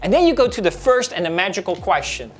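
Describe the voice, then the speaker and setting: A woman's voice: medium pitch, fast, soft background music. A woman coaching real estate salespeople in a video lesson, explaining how to handle client objections and acting out the dialogues. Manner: animated, acts out client dialogues.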